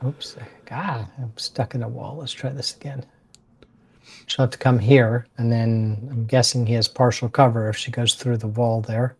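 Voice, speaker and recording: A player describes their character's actions in a casual, playful way. The voice sits at a middle pitch. Keyboard clicks can be heard behind it. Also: flat delivery, normal speed, breathy edge.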